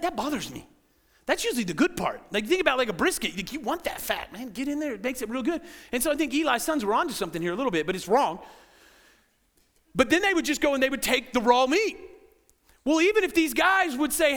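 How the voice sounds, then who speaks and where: A man preaching a sermon as pastor in a church, animated and acting out quoted voices. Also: very high voice. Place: church sanctuary.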